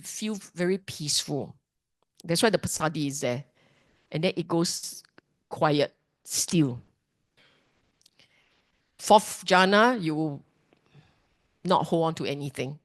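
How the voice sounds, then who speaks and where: Lively woman teaching a dharma class. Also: sits low, slow pace, long pauses. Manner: lively and emphatic, asks the class questions. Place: class hall.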